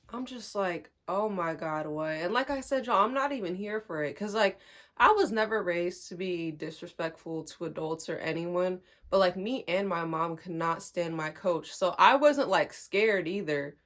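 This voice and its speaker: A woman's voice: fairly low pitch, a little slow, fairly bright tone. A young woman telling a casual storytime, acting out quotes and laughing often. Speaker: storytime vlogger.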